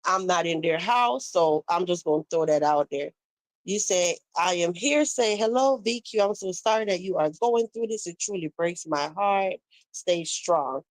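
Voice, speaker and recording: A woman's voice: fairly low pitch, moderate pace, no echo, poor audio. A woman hosting a casual live stream, chatting and reading viewer comments aloud as she answers them.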